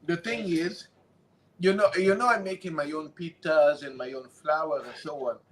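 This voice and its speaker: A man's voice: fairly high pitch, moderate pace, rough recording. A man chatting as a guest on a live stream, hesitant and agreeable, often repeating words before he gets them out. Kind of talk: casual live-stream chat.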